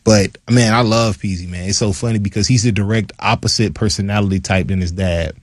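Low, husky male studio guest, casual chat, dry close mic. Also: brisk, no echo. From Florida. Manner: relaxed, storytelling with laughs. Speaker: guest, former player.

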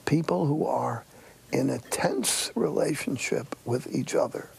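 An older man, a priest, giving a sermon in a wry, earnest storytelling way, with a raspy, breathy voice and many hushed asides. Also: mid-range voice, expressive, a little slow.

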